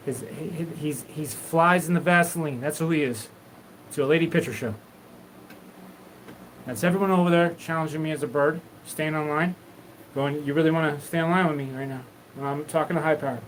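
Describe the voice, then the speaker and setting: A man's voice: fairly high pitch, moderate pace, long pauses, slight background noise, poor audio. Rambling, profane man on a live stream. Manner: loose, profane, stream-of-consciousness talk. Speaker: livestream host.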